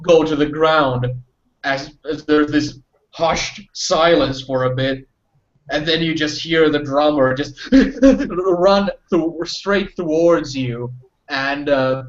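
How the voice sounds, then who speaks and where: A man's voice: a little high, slow. A man narrating a tabletop game as game master, rambling and full of fillers. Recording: muffled lo-fi audio.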